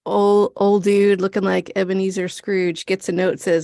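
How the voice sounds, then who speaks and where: A woman co-hosting a podcast in casual chat, animated and quick to laugh as she recaps scenes. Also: mid-range voice, vocal fry, no room sound. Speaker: podcast co-host.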